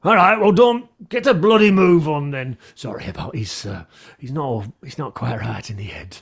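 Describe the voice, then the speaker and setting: A man doing a gruff bossy innkeeper. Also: fairly high pitch, expressive, moderate pace, full character voice. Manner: curt, barks orders, grumbles. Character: gruff bossy middle-aged male innkeeper. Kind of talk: tabletop role-play character voice.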